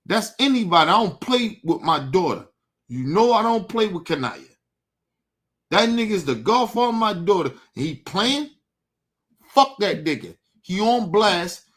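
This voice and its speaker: A man's voice: sits high, very animated, measured pace, fairly bright tone. A man delivering an angry, profane monologue to his audience, repeating himself and challenging his target directly. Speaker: show host.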